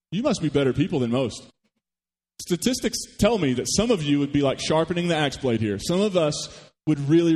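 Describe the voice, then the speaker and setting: A man preaching a sermon, retelling a story with animated rhetorical questions to the congregation. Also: fairly high pitch, big-room sound. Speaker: pastor. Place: church.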